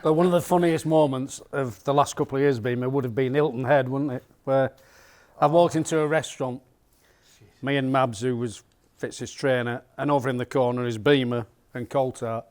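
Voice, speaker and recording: A man telling lively, laughing stories from life as a caddie. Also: mid-range voice, normal speed. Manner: lively pub-story telling with bursts of laughter. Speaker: caddie and co-host. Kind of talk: casual storytelling chat.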